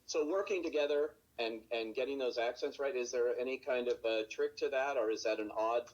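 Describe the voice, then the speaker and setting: A man's voice: medium pitch, a little fast. Interviewer man, dull lo-fi sound. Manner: conversational, asks long questions. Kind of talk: panel interview.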